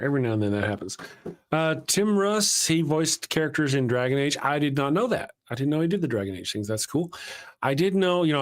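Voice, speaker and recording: A man hosting a live stream, chatting casually in a rambling way, often breaking off mid-sentence and swearing lightly. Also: medium pitch. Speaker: livestream host.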